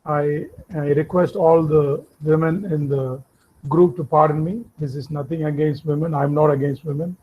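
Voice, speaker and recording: A man tells an anecdote during a workshop lecture, with chatty asides to his listeners. His voice is husky and sits fairly high for a man. The recording has a dull, lo-fi sound. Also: normal speed. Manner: animated anecdotal storytelling with asides. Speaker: workshop instructor. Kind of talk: lecture storytelling.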